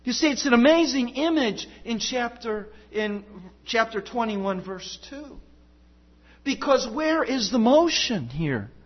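A man preaching a sermon as pastor, emphatic and rhetorical, swinging between loud declarations and hushed passages. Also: very high-pitched, sing-song, unhurried, dull audio.

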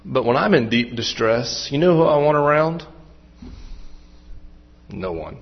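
A man's voice: medium pitch, expressive, measured pace, vocal fry. A man preaching a sermon as pastor, conversational and self-deprecating, with asides and restarts. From Western Maryland. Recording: muffled, dull sound.

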